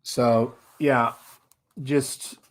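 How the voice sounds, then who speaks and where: A man's voice: mid-range voice, steady tone, extremely slow. A man hosting a live stream in casual chat, reading viewer comments aloud in a loose, sarcastic way and laughing along.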